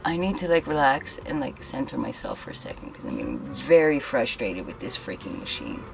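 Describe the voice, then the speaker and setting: A woman's voice: rumbling low, wildly swooping pitch, a little fast, vocal fry, background noise. A young woman from Canada vlogging a hair tool demo, talking bluntly and venting her frustration. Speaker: beauty vlogger. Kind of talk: frustrated product demo vlog.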